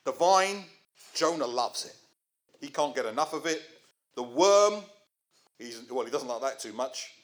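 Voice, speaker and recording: A man's voice: medium pitch, lively intonation, a little slow, pauses often, fairly bright tone. A middle-aged man, preaching a sermon in a conversational way and asking his listeners questions. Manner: conversational, asks the audience rhetorical questions.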